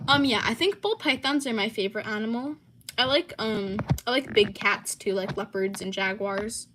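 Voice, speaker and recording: A woman's voice: medium pitch, normal speed, background noise. A young American woman hosting a casual livestream and answering chat, with lots of ums and likes. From United States. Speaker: livestream host.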